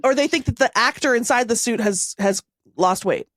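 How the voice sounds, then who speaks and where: A woman's voice: a little high, normal speed, no room sound, studio quality. A woman co-hosting a podcast, chatting casually with sarcasm and some swearing. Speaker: podcast co-host.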